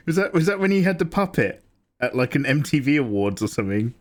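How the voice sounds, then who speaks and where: Jokey young male streamer chatting as he draws, animated delivery. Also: on the high side, a little fast. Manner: chatty, jokey, laughs often. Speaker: livestream host. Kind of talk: casual chat while drawing.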